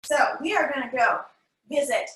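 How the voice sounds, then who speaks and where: A high-pitched, bright-voiced woman guides a family yoga class with playful, encouraging cues. She sounds a little distant from the mic in an echoey studio room. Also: normal speed. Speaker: yoga instructor.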